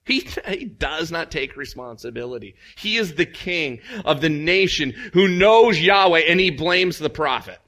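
Gravelly man preaching with animated storytelling. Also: a little high, a little slow, few pauses. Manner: animated storytelling, acts out voices with big jumps up. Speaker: pastor. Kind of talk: sermon.

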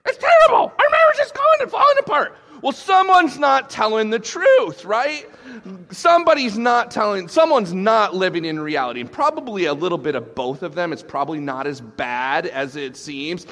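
A man preaching a sermon, animated, acting out quoted voices with sudden jumps in pitch. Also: a little hiss or hum. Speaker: pastor.

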